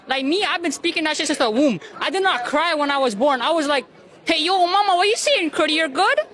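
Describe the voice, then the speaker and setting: A cocky young wannabe thug with a thick Toronto accent, a squeaky high voice. He brags nonstop in heavy street slang, loud and pushy. The voice is pitched far above a grown man's. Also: animated, brisk, exaggerated voice. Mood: boastful.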